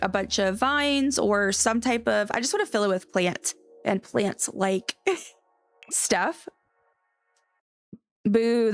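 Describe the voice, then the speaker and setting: A woman's voice: on the high side, fairly bright tone. A woman live streamer with a light Cajun-tinged Southern American accent, chatting casually in a rambling, self-correcting way and laughing often. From Cajun country, US South. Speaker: live streamer playing a life-sim game.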